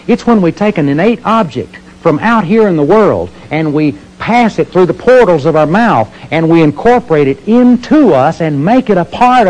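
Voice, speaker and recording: A man's voice: fairly high pitch, darkish tone, poor audio. A middle-aged man giving a talk to an audience, telling stories and asking questions he answers himself. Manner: earnest storytelling with rhetorical questions. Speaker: motivational speaker.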